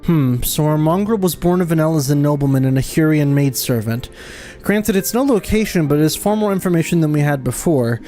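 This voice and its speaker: A man's voice: on the high side, expressive, brisk, warm tone, soft background music, natural voice. A man voicing an earnest young male noble scholar, reading dialogue aloud in an old-fashioned tone.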